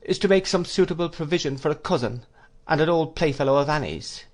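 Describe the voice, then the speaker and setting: A man's voice: a little high, brisk, voice pushed up, close to an everyday voice. A man reading aloud, voicing a kindly, absent-minded old male schoolmaster who talks hesitantly. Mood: mild. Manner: raised, hesitant with "uh".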